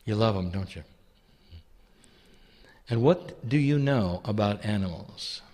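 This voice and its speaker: Guy channeling spirit stuff, soft and gentle, calls ppl dear one, voice swoops up and down. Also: fairly low pitch, animated, slow. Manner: gentle, affectionate, addresses listeners as "dear one". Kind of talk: channeled spiritual talk to an audience. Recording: long hall reverb.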